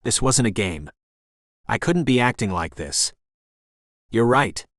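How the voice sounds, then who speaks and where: A man's voice: lowish voice, big pitch swings, a little slow, dry recording. A man narrating a romance audiobook in the first person, with an intense, dramatic delivery on a studio microphone.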